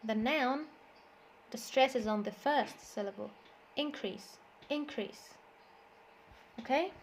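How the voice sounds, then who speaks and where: Brief: Egyptian-accented woman teacher, slightly high voice, patient drilling, light hiss behind. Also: normal speed. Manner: switches between English and Egyptian Arabic, repeats words to drill stress. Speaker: English teacher. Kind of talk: classroom lesson explanation.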